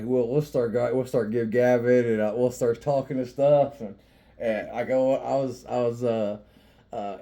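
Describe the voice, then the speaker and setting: Rambling, profane man with a mellow voice. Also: lowish voice. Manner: profane, joking, often laughing while talking; rambling with frequent restarts and fillers. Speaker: vlogger. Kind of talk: casual rambling monologue.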